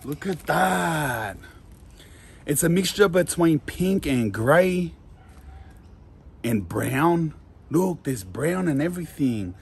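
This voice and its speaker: A young man vlogging a food challenge in a loud, slangy way, full of exaggerated disgust. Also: fairly high pitch, lively intonation, takes it slowly, vocal fry, pauses often, slightly rough. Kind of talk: casual vlog.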